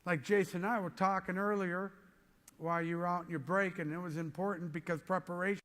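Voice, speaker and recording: A man's voice: high voice, fairly even intonation, brisk. An older man giving a motivational speech to a live audience, telling a story with energy and acting out both sides of the conversations. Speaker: motivational speaker. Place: large hall before an audience. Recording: long hall reverb with faint music.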